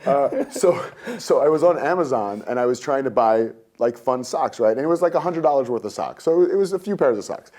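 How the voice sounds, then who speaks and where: A man in his thirties, a guest telling a story in an interview, lively and jokey, acting out his own past rants. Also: medium pitch, fast, few pauses.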